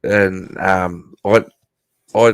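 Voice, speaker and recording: A man with an Australian accent in casual chat, talking fast and swearing freely. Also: sits low, fairly even intonation, clear, resonant tone, dry recording.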